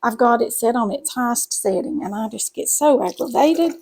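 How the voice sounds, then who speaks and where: A woman's voice: a little high, normal speed, darkish tone. A middle-aged woman, chatting folksily to viewers while cooking in her home kitchen. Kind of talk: casual cooking chat to camera.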